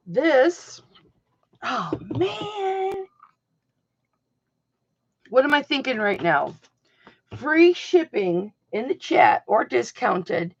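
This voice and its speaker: A middle-aged woman hosting a live-stream jewelry auction, chatting casually and emphatically with her viewers, her voice swinging between loud and soft. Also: mid-range voice, dry recording. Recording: dull lo-fi home stream audio.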